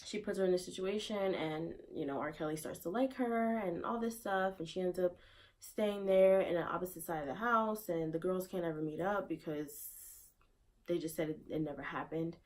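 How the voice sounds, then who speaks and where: A woman's voice: lowish voice, normal speed, darkish tone. A woman giving her opinion casually in a vlog, repeating rhetorical questions in disbelief. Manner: conversational, with fillers. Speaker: vlogger.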